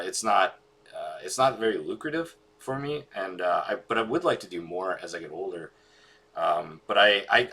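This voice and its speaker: A man's voice: low voice, bright, forceful tone, slightly rough. A man talking casually and enthusiastically about his collection, rambling with many fillers. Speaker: collector vlogger. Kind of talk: casual chat.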